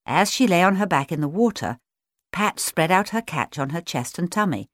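A woman with a low voice reads a children's story aloud. Her delivery is gentle but lively, rising and falling through each sentence, recorded close and dry with no room sound. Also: moderate pace, no echo.

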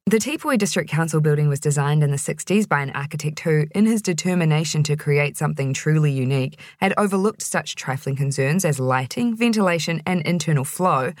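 A woman's voice: low-pitched, no echo. A woman narrating a first-person audiobook in a dry, wry storytelling manner, close on the microphone.

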